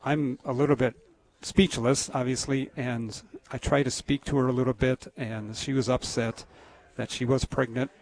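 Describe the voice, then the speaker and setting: A man talking as a radio guest in an earnest, halting way, with many restarts. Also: medium pitch, fairly even intonation, slight background noise. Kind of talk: casual radio interview.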